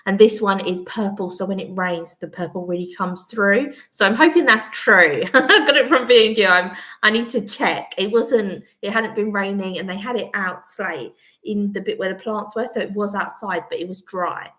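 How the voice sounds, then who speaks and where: A woman's voice: mid-range voice, normal speed, fairly bright tone. A woman hosting a casual live chat from home, rambling between topics and laughing often. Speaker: vlogger host. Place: at home, indoors.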